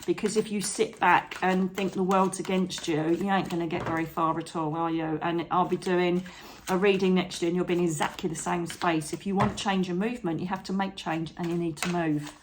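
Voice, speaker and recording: A woman's voice: on the low side, steady tone, brisk, a little hiss or hum. Chatty woman reading tarot. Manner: chatty, encouraging, frequent "okay?" tag questions. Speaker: psychic tarot reader.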